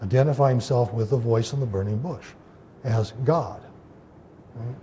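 A man's voice: mid-range voice, normal speed, dark tone, slight background noise. A man teaching an informal Bible study, explaining scripture in a loose way with many fillers and restarts.

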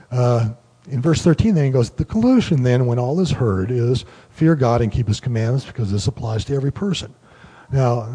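A man giving a relaxed Bible study lecture, explaining word meanings and thinking aloud with many fillers. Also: medium pitch, breathy edge. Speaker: Bible teacher.

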